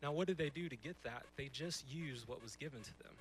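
A man's voice: medium pitch, fairly quick, a little hiss or hum, rough recording. A young man in his twenties preaching a sermon on a church stage, emphatic and conversational, full of rhetorical questions. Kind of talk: youth sermon.

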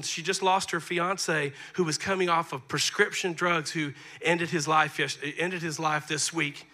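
A man, preaching a sermon as pastor, moving between soft asides and loud emphasis. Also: on the high side. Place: church sanctuary.

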